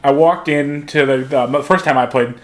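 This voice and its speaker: Laid-back male podcast co-host, mid-pitched, meandering storyteller. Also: steady tone, normal speed. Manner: rambling storyteller with fillers and restarts. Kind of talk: casual chat.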